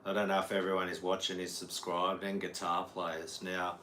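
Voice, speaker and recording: On a casual live stream, a middle-aged Australian man who teaches guitar talks in a lowish, bright, forceful voice that stays level at a normal speed. He wanders from thought to thought and responds to chat messages along the way, with faint background noise underneath.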